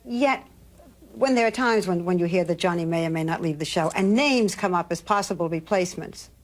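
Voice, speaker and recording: A woman news interviewer and narrator asking measured, probing questions in a broadcast interview. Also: lowish voice.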